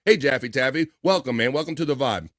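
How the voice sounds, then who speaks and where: A man's voice: medium pitch, lively intonation, quick pace, no room sound, studio quality. A man hosting a casual live stream, rambling, laughing often and restarting his sentences. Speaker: livestream host.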